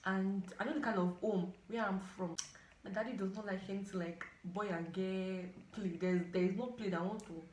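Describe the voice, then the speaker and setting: A young woman in her twenties with a Nigerian accent, telling a storytime vlog in an animated way with dramatic outbursts. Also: mid-range voice, normal speed, slight background noise. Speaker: storytime vlogger. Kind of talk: casual storytelling to camera. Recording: echoey room.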